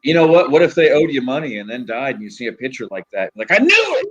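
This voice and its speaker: A man's voice: mid-range voice, animated, fast talker, lo-fi sound, a loud crowd. A man hosting a casual chat and telling a profane, rambling story with lots of energy. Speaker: host.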